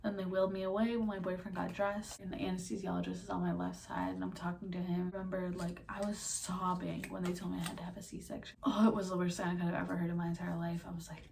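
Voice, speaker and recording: A woman's voice: fairly low pitch, steady tone, quick pace, gravelly, hardly any pauses, darkish tone. A young woman telling her birth story as a vlogger, rambling with lots of fillers and near tears at times. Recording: distant mic with faint background noise.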